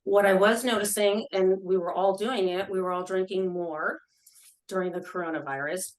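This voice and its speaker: A woman speaks as a podcast guest, recounting a personal story with earnest emotion. Her voice sits at a middling pitch, and her delivery is halting, with frequent restarts and repeated words. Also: fairly even intonation, rough recording.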